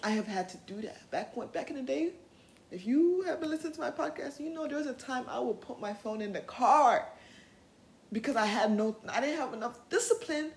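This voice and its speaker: Animated young woman podcast host. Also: high voice, brisk, reverberant, low-quality recording. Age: young adult. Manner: earnest and animated, laughs often, swears casually. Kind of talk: self-help podcast monologue.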